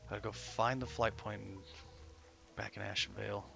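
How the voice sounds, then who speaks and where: A man's voice: on the low side, level tone, moderate pace, gravelly, sharp tone, soft background music. A tired, sleepy man casually commenting on his gameplay to himself, rambling and swearing. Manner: rambling, profane, self-talking. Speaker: streamer playing an online game.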